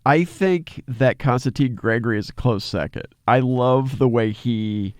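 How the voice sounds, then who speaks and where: A man's voice: mid-range voice, measured pace, no echo, studio quality. A man co-hosting a podcast, chatting casually about a movie, laughing often and quoting lines. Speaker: podcast co-host. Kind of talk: casual movie review chat.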